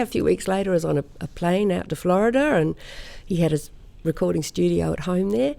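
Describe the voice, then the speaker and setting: Gravelly, mellow-voiced woman from Australia. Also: on the low side, lively intonation, fast. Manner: chatty anecdotal storyteller, laughs often. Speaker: singer, interview guest. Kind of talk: conversational interview storytelling.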